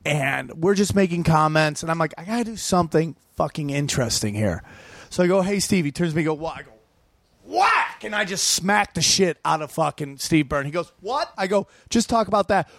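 A comedian guest on a podcast, telling rapid, profane stories and acting out quotes in casual chat. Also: male voice, fairly high pitch, no room sound. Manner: rapid, profane, animated storytelling with acted-out quotes.

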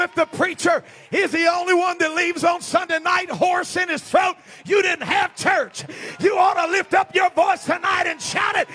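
Man, very high bright voice, shouting preacher, revival sermon, faint congregation behind. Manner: shouting, call-and-response exhortation.

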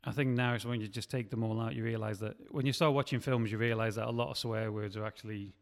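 This is a man with a lowish voice who talks through his screenwriting process in a relaxed, rambling way, often stopping to rephrase. The recording has a noticeable long reverb, as if captured in a large room. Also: fast, gravelly. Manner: rambling, self-correcting. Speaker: writer and producer. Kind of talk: casual chat.

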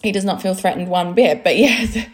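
A woman's voice: mid-range voice, a little fast. Casual, swearing woman. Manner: chatty, swears freely, lots of "like" and laughs. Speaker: business coach and designer. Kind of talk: casual monologue to camera.

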